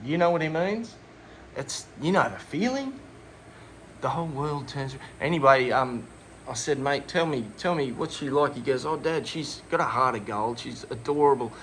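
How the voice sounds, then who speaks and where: A man's voice: medium pitch, animated, moderate pace, fairly bright tone, a little hiss or hum. A middle-aged Australian man co-hosting a podcast, telling a long comic story with crude slang and laughter. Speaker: podcast co-host. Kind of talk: casual comedic storytelling.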